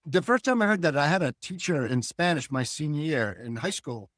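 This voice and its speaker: An older man and guest cartoonist, talking in a reflective, philosophical way and telling animated stories in a relaxed interview. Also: on the high side, fairly quick, dry recording, studio quality. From Hull, Massachusetts.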